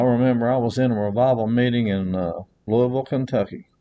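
A man's voice: mid-range voice, fairly even intonation, brisk, hardly any pauses, mellow, highs cut off, a little hiss or hum. A man preaching a sermon, earnest and repetitive, mixing scripture with personal stories.

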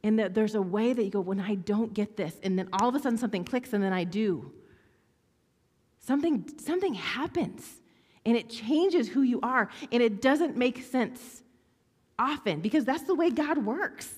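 A woman preaching a sermon in a conversational, animated way, often calling out to the congregation for a response. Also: a little high, normal speed. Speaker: pastor. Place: church hall with audience. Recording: long reverb of a large hall.

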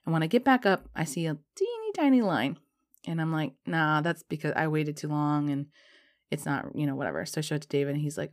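A woman vlogger telling a personal story in a casual, animated way, swearing and laughing as she goes. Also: deep voice, fast talker.

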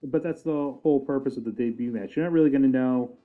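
A man's voice: mid-range voice, quick pace, narrow, tinny audio, faint music behind. A man co-hosting a casual wrestling podcast, joking around, laughing often and swearing casually over a remote call. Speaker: podcast co-host.

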